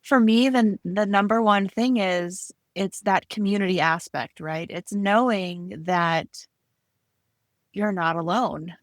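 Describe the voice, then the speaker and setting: A woman co-hosting a podcast about art, talking in a relaxed, reflective way with frequent fillers. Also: mid-range voice, takes it slowly, no room sound, studio quality. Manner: warm, reflective, lots of fillers and laughs. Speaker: podcast co-host. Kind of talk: casual chat.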